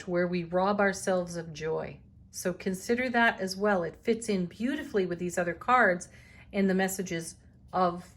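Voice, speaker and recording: Slow, low-voiced woman reading tarot. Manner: unhurried, affirming, spiritual phrasing with soft laughs. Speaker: tarot reader.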